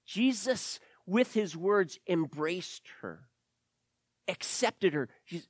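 A man preaching a sermon, swinging between loud emphatic lines and hushed, near-whispered ones. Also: high voice, sing-song, slow, vocal fry, husky, dry recording. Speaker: pastor.

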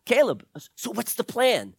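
A man's voice: very high-pitched, huge pitch swings, measured pace, gravelly, husky, no echo, studio quality, pitched above the performer's own voice, heavily acted. A man voicing a cheerful, curious girl with a light manner.

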